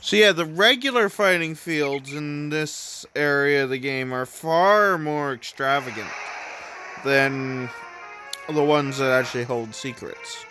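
Let's play host, male, slightly high and bright voice, slow rambling delivery. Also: soft background music. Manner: rambling, restarts sentences often. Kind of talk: casual gameplay commentary.

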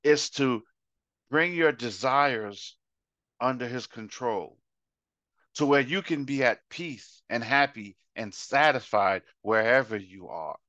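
A man preaching a casual Bible study with a bright, forceful voice, acting out little scenes and repeating lines for emphasis. The sound is dry and a bit dull. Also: medium pitch, lively intonation, takes it slowly, no room sound. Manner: illustrates with acted-out examples and repetition. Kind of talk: conversational sermon.

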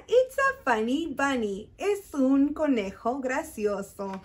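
A woman's voice: sits high, very animated, takes it slowly, few pauses. A woman reading a bilingual storytime for small children, sing-song and exaggerated, switching between English and Spanish. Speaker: children's librarian.

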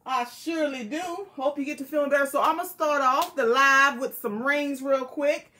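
A woman's voice: sits high, normal speed, sharp tone. A woman hosting a live jewelry sale, chatting in a folksy, friendly way and greeting viewers by name, recorded on a tablet. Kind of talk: casual live-stream selling chat. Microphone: tablet device.

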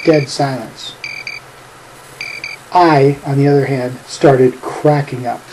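A man's voice: medium pitch, steady tone, a little slow, raised voice, music in the background, rough recording. A middle-aged man narrating a family anecdote for a home video with a dry, teasing humor, chuckling at his own jokes. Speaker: family storyteller.

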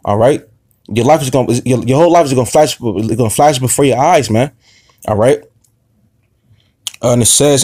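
A man preaching an informal sermon, halting with many fillers and restarts, confrontational and profane. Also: medium pitch, lively intonation, darkish tone, husky, no room sound, clean studio sound.

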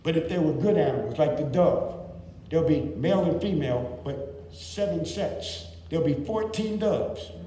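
A male pastor preaching a sermon with big swings in pitch and loudness. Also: animated, moderate pace, a little hiss or hum. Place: church sanctuary. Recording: distant echoey church hall.

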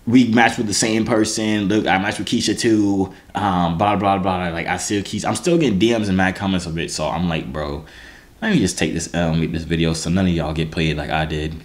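A young man with a somewhat low voice recounts a story to his camera in a loose vlog style. He rambles, restarts sentences and leans on slang, talking with animated, offhand energy. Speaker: vlogger. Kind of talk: casual story time.

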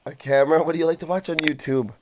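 A father in a home video gently coaxing his toddler, repeating questions and prompts over and over. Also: fairly high pitch, steady tone, racing. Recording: muffled home video with faint noise.

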